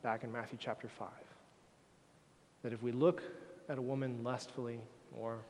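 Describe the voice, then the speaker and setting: A man preaching a sermon as pastor, swinging from quiet, measured talk to loud, impassioned passages. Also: mid-range voice, flat delivery, slight background noise. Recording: long reverb of a large hall.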